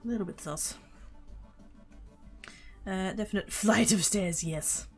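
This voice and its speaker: A woman streaming a game, chatting casually and muttering to herself as she plays, easily excited. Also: medium pitch, slow, soft background music. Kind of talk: casual gaming livestream chat.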